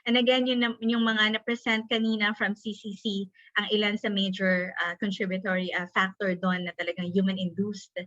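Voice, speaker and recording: A woman's voice: medium pitch, little pitch movement, brisk, hardly any pauses, fairly bright tone, no room sound, muffled recording. A Filipino woman moderating an online webinar, polite and switching between English and Tagalog, often using respectful fillers. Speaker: webinar host. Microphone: video call.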